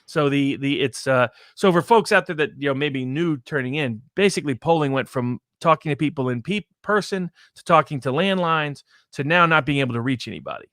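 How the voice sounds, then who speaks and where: A man in a casual podcast discussion, explaining polling quickly with frequent restarts. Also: a little high, a bit bright, no echo, studio quality. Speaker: pollster guest.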